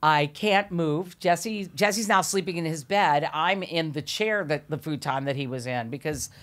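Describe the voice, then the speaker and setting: A middle-aged woman telling an animated story as a podcast guest, laughing often, swearing and acting out quotes. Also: low-pitched, measured pace.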